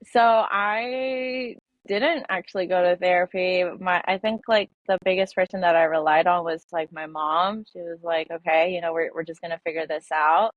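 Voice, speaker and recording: A woman's voice: fairly low pitch, steady tone, no room sound. A young woman in her twenties, a podcast guest, telling a personal story with many fillers and restarts. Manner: halting, filler-heavy, emotional retelling. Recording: dull lo-fi dry audio.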